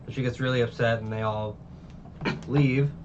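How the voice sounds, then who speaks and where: A man's voice: mid-range voice, fairly even intonation, moderate pace, a little mellow. A young man casually recapping anime episodes, rambling with many fillers and restarts. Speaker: anime reviewer. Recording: dull distant mic, faint hiss.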